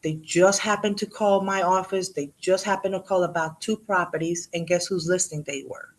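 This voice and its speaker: A woman in her fifties giving a motivational talk to a live audience, telling animated stories, acting out what people said and dropping in Spanish words. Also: lowish voice, normal speed. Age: 50s. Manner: animated storyteller, acts out quotes, mixes in Spanish. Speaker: real estate agent and motivational speaker.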